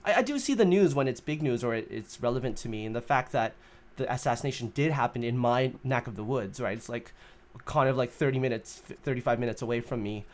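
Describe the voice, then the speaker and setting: A man's voice: mid-range voice, fast talker. A man hosting a casual livestream chat, upbeat and chatty, often laughing. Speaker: livestream host.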